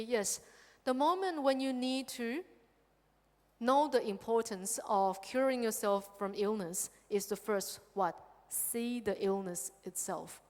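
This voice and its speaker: A woman with a fairly high voice teaches a Buddhist sutra as a nun giving a dharma talk. She keeps her lecture engaging and checks in with her listeners by asking "okay?" The sound carries a long hall reverb. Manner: lively, checks in with "okay?" often.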